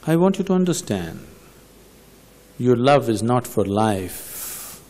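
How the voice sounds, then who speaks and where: A man's voice: medium pitch, very animated, takes it slowly, a little mellow. A man with an Indian accent giving a spiritual talk, asking probing rhetorical questions and telling stories. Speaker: spiritual teacher. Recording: long hall reverb.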